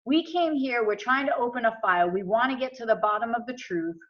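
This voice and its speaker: Casting: American woman, higher voice, animated storyteller, lo-fi audio. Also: a little fast. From USA. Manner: animated retelling with quoted dialogue. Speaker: interview guest. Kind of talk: casual storytelling. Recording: muffled lo-fi audio.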